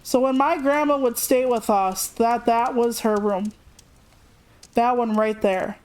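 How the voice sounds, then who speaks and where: A young adult woman streamer casually telling a personal story, chatty and animated, raising her voice to act out what others said. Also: measured pace. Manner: chatty, animated, acts out quotes with raised pitch.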